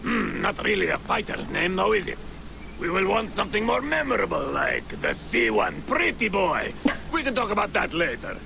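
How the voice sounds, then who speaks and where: An actor playing a gruff, proud old male arena trainer with a gravelly voice, from game audio. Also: sits high, huge pitch swings, moderate pace, background noise, heavily acted. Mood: appraising.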